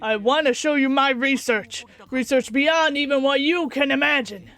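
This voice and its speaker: A woman's voice: high voice, moderate pace, fairly bright tone, soft background music. A woman voicing a cruel, jealous middle-aged male scientist father while reading a visual novel aloud, in a bitter, contemptuous rant. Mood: scornful.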